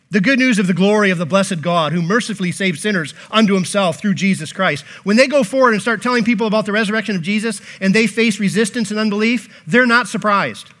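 High-voiced emphatic male preacher. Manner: emphatic, animated, with joking asides. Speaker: pastor. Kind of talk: sermon.

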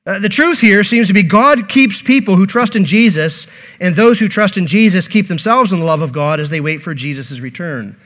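A pastor preaches to his congregation, earnest and repeating key phrases while posing rhetorical questions. His voice sits high and a bit bright, at normal speed.

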